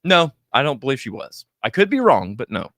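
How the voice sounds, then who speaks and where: A man's voice: medium pitch, sing-song, fairly quick, a crowd in the background. A man hosting a podcast, casually chatting and reading live comments with a joking, laughing manner. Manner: jokey, laughs often. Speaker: podcast host.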